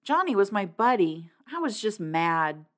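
A woman's voice: mid-range voice, big pitch swings, measured pace, a bit bright. A woman voicing a bitter, hot-tempered teenage boy in an audiobook reading, heated and raised. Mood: miserable.

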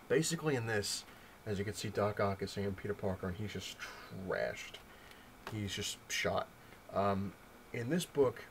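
A man talks through a comic storyline in a loose, rambling way, full of ums and restarts. His voice sits on the low side, and he gets animated when he retells scenes. A faint hiss runs under the recording. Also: rough recording. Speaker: comic book vlogger. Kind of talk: casual comic review talk.

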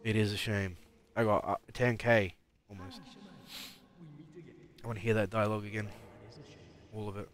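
A man's voice: lowish voice, little pitch movement, moderate pace, long pauses. A man giving rambling live commentary while playing a game, mumbling and talking back at the enemies on screen. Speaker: streamer.

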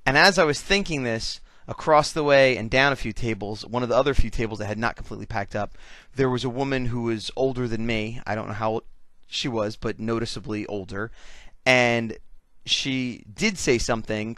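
A man's voice: medium pitch, a little fast, fairly bright tone, no echo. Hiccuping man, dry close voice-over. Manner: rambling, self-deprecating, conversational. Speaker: artist and convention vendor. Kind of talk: casual voice-over commentary.

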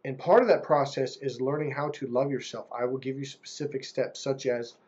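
Speaking a little fast in a slightly rough, mid-range voice, a man offers relationship coaching in a casual monologue to camera. He's lively and imitates the way other people talk, though the recording is muffled.

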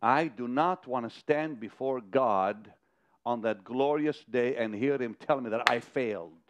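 A man preaching a sermon, telling a vision story with dramatic swings from hushed to loud. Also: mid-range voice, a little slow. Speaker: televangelist. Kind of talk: sermon to partners.

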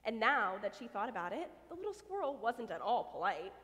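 Woman, expressive children's story reader, fairly high voice, long church reverb. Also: a little fast. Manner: expressive, lively read-aloud. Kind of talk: reading a children's story aloud. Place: church sanctuary.

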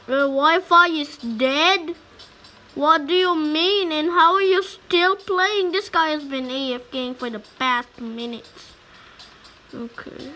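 A woman's voice: high voice, pushed and bright, slight background noise. A woman gamer giving chatty, exclaiming, slangy commentary as she plays. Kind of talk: casual let's-play commentary.

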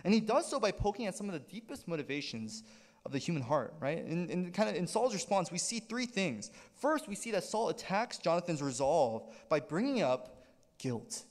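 A male pastor preaching with a high voice that swings widely in pitch, sounding lively and animated. He keeps checking in with the congregation as he goes. The sound carries a long hall reverb. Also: moderate pace. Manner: animated preaching with frequent "right?" check-ins. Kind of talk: sermon. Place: church sanctuary.

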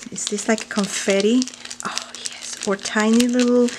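A woman's voice: medium pitch, fairly even intonation, a little slow, noisy background. A woman vlogger opening a craft parcel on camera, gushing and gasping, often dropping to a whisper. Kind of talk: unboxing commentary.

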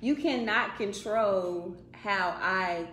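A woman's voice: medium pitch, takes it slowly, fairly bright tone, echoey room, slight background noise, poor audio. A woman on a casual chat panel, hesitant and searching for her words as she explains. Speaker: guest panelist.

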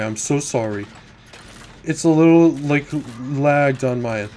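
A man's voice: mid-range voice, unhurried, a little mellow, a little hiss or hum. A man giving casual commentary while playing a horror game. He talks jittery and nervous, slipping from mumbled worry into sudden swearing and sometimes dropping to a whisper. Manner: drops to a whisper at times. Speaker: gaming YouTuber.

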